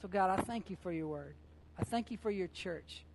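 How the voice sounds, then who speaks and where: This pastor has a high-pitched male voice and delivers a fervent, down-to-earth sermon at a moderate pace. He speaks to the congregation like a friend, circling back on phrases with casual, colloquial grammar. A faint hiss runs beneath his voice.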